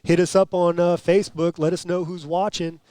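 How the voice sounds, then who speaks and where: A man hosts a casual show in a smooth, resonant voice. He jokes and restarts his sentences as he goes. The sound is dry and close. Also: high-pitched, level tone, moderate pace, dark tone, dry recording. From United States. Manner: stammering restarts, jokey. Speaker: host. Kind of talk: casual chat.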